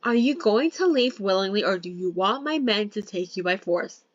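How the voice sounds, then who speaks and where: A woman's voice: mid-range voice, lively intonation, moderate pace, dry recording, lo-fi sound, close to an everyday voice. A woman voicing a bossy, short-tempered young male mafia heir who barks scornful orders.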